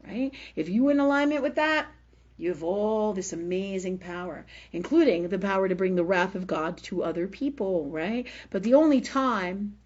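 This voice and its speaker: A woman's voice: mid-range voice, breathy edge, dull audio. A woman hosting a live spiritual talk forum, speaking emphatically, swearing freely and often asking "right?". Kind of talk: unscripted spiritual talk on a livestream.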